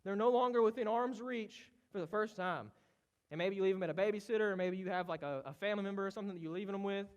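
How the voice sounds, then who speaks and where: A man with a hoarse voice from a cold, giving a casual, conversational sermon as pastor. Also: sits high, fast talker. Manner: casual, conversational preaching with rising intensity. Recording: muffled, with loud guitar behind. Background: worship team playing guitar.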